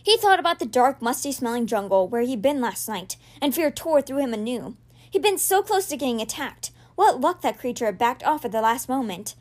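A woman hosting a podcast, reading a children's novel aloud with expressive storytelling. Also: high-pitched, fairly quick. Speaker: podcast reader.

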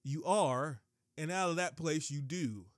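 Male podcast preacher, fairly high voice, animated and digressive, dry close recording. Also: measured pace, dry recording. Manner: animated, rises to high excited shouts, digresses, laughs. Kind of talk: sermon.

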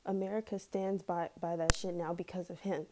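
A woman's voice: on the low side, level tone, normal speed, noisy background. A woman ranting heatedly in a casual vlog, swearing often and breaking into nervous laughs.

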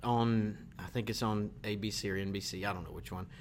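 A man who works in church ministry, answering a guest interview in a halting way, searching for words with many fillers. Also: lowish voice, fairly even intonation. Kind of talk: casual interview chat.

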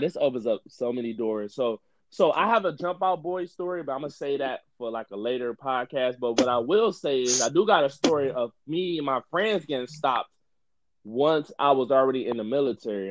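A man co-hosting a podcast, telling a story in relaxed, slangy casual talk. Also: medium pitch, poor audio. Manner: laid-back, slangy storytelling. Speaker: podcast co-host.

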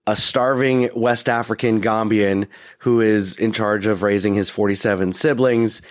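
A man's voice: lowish voice, steady tone, unhurried, no room sound, studio quality. A man co-hosting a podcast in casual chat, joking and poking fun at himself. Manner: joking, self-deprecating banter with many restarts. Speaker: podcast co-host.

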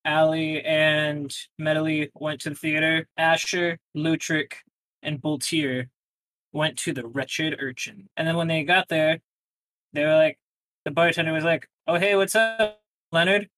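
A man casually recapping a tabletop game session, rambling and slipping into quick quoted lines. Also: a little high, flat delivery, a bit bright, no room sound, low-quality recording.

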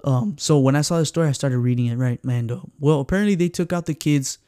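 Animated Mexican-accented man. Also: mid-range voice, fast, smooth, no room sound, clean studio sound. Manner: animated storyteller who acts out quotes and slips into Spanish phrases. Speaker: podcast host. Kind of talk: casual chat.

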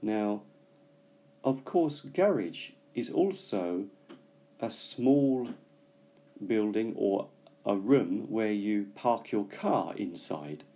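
A man teaching English vocabulary, explaining slowly and carefully with frequent pauses. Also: on the low side, expressive, warm tone. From Britain. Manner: slow, careful explanations with hesitations. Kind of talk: bilingual language lesson.

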